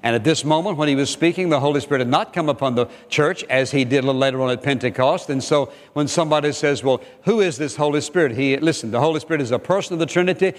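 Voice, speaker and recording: A man's voice: on the high side, fast talker, few pauses, long reverb tail. An older man preaching a sermon as pastor, emphatic and repetitive, questioning his listeners directly.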